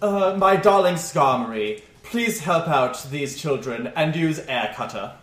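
A man's voice: fairly high pitch, lively intonation, a little slow, fairly bright tone, reverberant. A man voicing a flamboyant purple-haired trainer who speaks in a grand, affected way for a tabletop game. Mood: theatrical.

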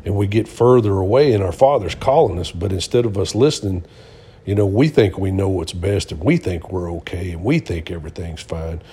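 A man's voice: low voice, animated, fairly quick, dark tone, husky. A middle-aged man co-hosting a Christian talk show, speaking earnestly and telling stories like a preacher, with many fillers. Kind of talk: casual testimony and storytelling.

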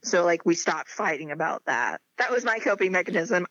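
A woman's voice: fairly low pitch, expressive, a little fast, hardly any pauses, fairly bright tone, no room sound. A young woman chatting as an interview guest, full of filler "like", acting out quoted conversations with others. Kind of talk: casual chat. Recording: slightly dull lo-fi sound.

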